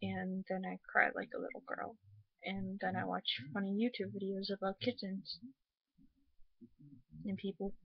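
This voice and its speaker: A woman's voice: medium pitch, little pitch movement, moderate pace, creaky, long pauses, breathy edge, no echo. A young American woman rambles through an emotional video review, gushing and full of fillers, her voice still worn from crying. The sound is dry and close, with a dull, lo-fi edge from a basic webcam mic. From United States. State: just finished crying. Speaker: vlogger.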